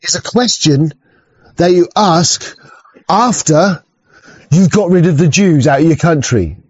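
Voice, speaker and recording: A man's voice: on the high side, expressive, unhurried, a little mellow, husky, no room sound. A man in a rambling, profane, heated casual rant. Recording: dull lo-fi sound.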